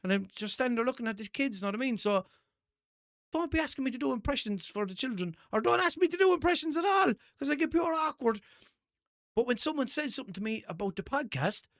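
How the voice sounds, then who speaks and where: A man's voice: very high voice, animated, fast, a bit bright, dry recording, studio quality. Sweary Irish man rambling on his podcast. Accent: Limerick Irish. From Ireland. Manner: rambling, sweary, self-mocking storytelling with put-on voices. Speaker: podcast host. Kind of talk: casual solo podcast monologue.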